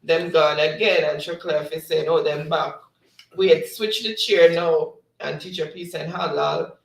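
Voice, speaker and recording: A gravelly, fairly high-voiced man reads viewer comments aloud on a livestream. He laughs often as he goes. He sounds set back from the mic in an echoey room. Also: little pitch movement, measured pace, far from the mic. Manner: laughs often while reading. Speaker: livestream host. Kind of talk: casual chat reading out live comments.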